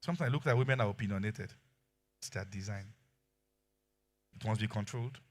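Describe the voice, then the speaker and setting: A middle-aged man with a Nigerian accent preaching a sermon, shifting between quiet asides and loud exclamations. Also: on the low side, fairly quick. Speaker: pastor.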